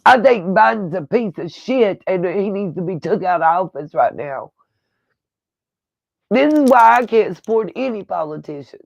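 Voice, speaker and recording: A woman's voice: medium pitch, animated, normal speed, creaky, a little mellow, dry recording. A woman hosting a livestream, talking bluntly and profanely in a rambling rant from home. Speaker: livestream host. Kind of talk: casual livestream talk.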